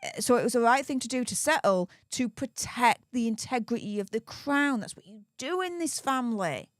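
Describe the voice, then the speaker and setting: Fairly high-pitched and expressive, this woman from the United Kingdom moves at a moderate pace while reading a book aloud on a live stream. She's tired after streaming for hours, chatty, and given to sarcastic asides in a casual commentary style. The audio is clean studio sound with no echo.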